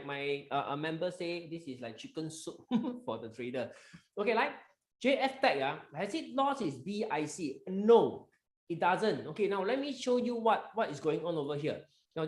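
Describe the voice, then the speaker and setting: A man's voice: a little high, roomy sound. A man with a Malaysian accent hosting a live stock market webinar, talking emphatically and coaxing his members, mixing in local slang.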